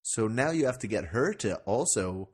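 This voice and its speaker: A man's voice: lowish voice, expressive, normal speed, a little mellow, husky. A young man co-hosting a casual comedy podcast, dry and teasing, playing the straight man. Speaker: podcast co-host.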